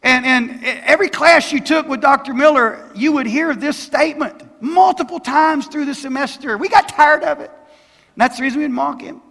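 An older man in his sixties delivers a sermon from the pulpit, his voice pitched very high and bright with a forceful edge. He speaks emphatically, tossing questions out to the congregation. The sound carries a long church reverb. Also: normal speed, creaky. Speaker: pastor. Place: church sanctuary.

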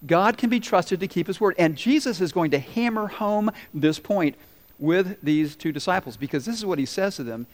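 A man pastor preaching a sermon, slowing for emphasis and acting out the quoted voices of the story. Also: sits high, expressive. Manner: dramatic pauses and voiced quotes. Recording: long hall reverb.

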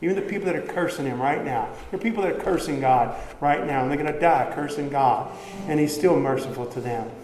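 A man's voice: a little high, quick pace. A man preaching a sermon as pastor, earnest, often repeating words as he goes. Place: church sanctuary. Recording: echoey church hall, faint ambience.

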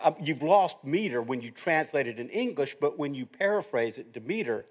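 Middle-aged pastor with a higher voice. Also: male voice, lively intonation, a little fast, hardly any pauses, slightly rough. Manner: conversational, joking teacher tone. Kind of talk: sermon.

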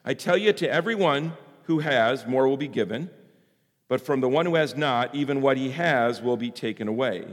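A man's voice: mid-range voice, animated, moderate pace, voice pushed down, close to an everyday voice. A man reading as a stern judging king. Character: stern nobleman king passing judgment. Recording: long hall reverb.

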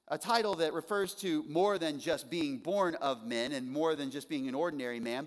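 Male preacher in a reverberant hall. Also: a little high. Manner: earnest expository preaching, slowing and repeating key phrases. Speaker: pastor. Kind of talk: sermon.

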